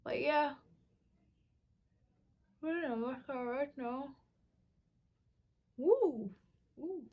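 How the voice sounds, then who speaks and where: A young woman chatting through a makeup tutorial in a playful way, often breaking into excited exclamations. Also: high voice, extremely slow. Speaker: beauty vlogger.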